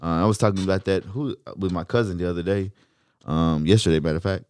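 A man's voice: low voice, fast talker, a little mellow. A man with a Houston accent talking bluntly and profanely as a rapper being interviewed. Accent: Houston, Texas. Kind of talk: casual interview chat.

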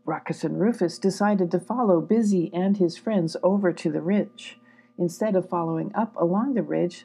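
Woman reading a kids story, soft and even, mellow husky voice. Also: mid-range voice. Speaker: storybook reader. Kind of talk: children's storybook narration.

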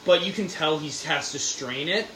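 Young man, podcast co-host, lively chatty delivery, slightly high voice, echoey room with a faint hum. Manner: animated, laughs often, quick restarts. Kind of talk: casual chat. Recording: roomy echo, faint background hum.

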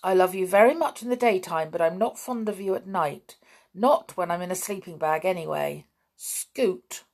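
A woman's voice: on the low side, normal speed, darkish tone. A woman reading the part of a cheeky, teasing schoolboy in a storybook, in a playful, mock-threatening manner. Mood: mock-scolding.

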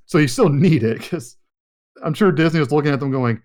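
A man's voice: on the high side, a little fast, a little mellow. A man co-hosting a casual movie podcast, rambling with fillers and sidetracks. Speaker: podcast co-host.

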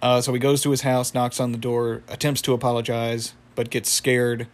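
A man's voice: mid-range voice, little pitch movement, moderate pace. A young man casually recapping a cartoon episode, rambling with lots of fillers and chuckling at the story. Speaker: show recapper.

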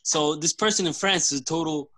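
A man pitching a movie idea in a casual group brainstorm, animated and rambling with restarts. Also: brisk, dry recording.

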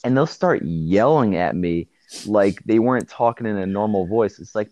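Low-voiced young man, lo-fi sound. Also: moderate pace, dark tone, dry recording. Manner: storytelling with acted-out quotes. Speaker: guest co-host. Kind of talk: casual chat.

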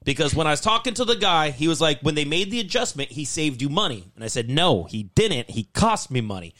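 A man's voice: on the high side, big pitch swings, brisk, fairly bright tone. A man on a podcast telling a heated story in a casual, profane rant. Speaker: podcast host.

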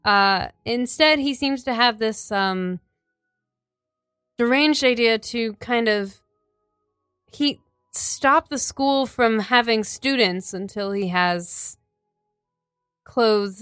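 A woman's voice: fairly high pitch, fairly bright tone, no echo, clean studio sound. A woman running a tabletop role-playing game as game master, narrating hesitantly with many fillers. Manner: hesitant, full of fillers, laughing easily.

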